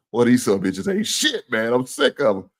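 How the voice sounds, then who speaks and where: A livestream sports show host speaks at normal speed with big swings in pitch as he chats casually with viewers and goes through their comments. He moves between low mumbles and loud, cursing, fed-up rants.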